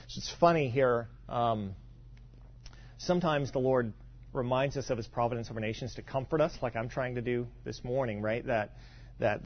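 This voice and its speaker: A man from western Kentucky gives a sermon in an easy, chatty way, circling back with repeated words and little asides. His pitch is mid-range, and the recording sounds slightly dull and muffled. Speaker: pastor.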